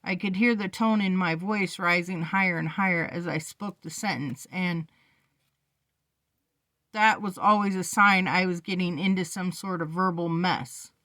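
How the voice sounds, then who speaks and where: A woman reading a novel aloud in a steady, unhurried way. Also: on the low side, no room sound. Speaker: reader.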